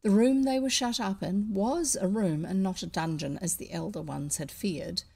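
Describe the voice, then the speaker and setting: A woman's voice: mid-range voice, moderate pace, vocal fry, mellow, breathy edge. A woman reading a children's novel aloud, chatting in easygoing asides between passages.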